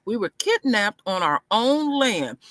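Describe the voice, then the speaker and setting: A woman co-hosting a casual opinion talk, telling stories forcefully and cutting in often. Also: mid-range voice, big pitch swings, measured pace, no room sound. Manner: forceful storytelling, interjects often. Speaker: co-host.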